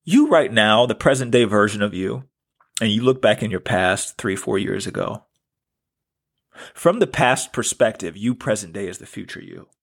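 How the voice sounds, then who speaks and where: On the low side yet animated and fairly bright, this man's voice moves at a moderate pace. He's a podcast host in his thirties doing spiritual self-help, earnest and casual, repeating phrases and using slang.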